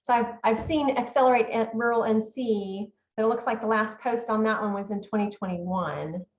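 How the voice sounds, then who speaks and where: A woman on a video call, talking quickly and a bit hurriedly. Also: a little high, reverberant, poor audio. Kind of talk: casual Zoom group chat.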